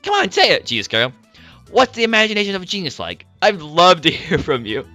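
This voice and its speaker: A man's voice: medium pitch, big pitch swings, a little fast, bright, forceful tone, soft background music. A man voicing a bombastic young mad scientist in a game read-aloud, theatrical and gloating.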